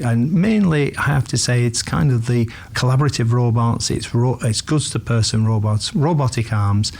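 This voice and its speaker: A man's voice: medium pitch, darkish tone. A man, a company executive, explaining how work is done, with some restarts. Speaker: company executive, played clip.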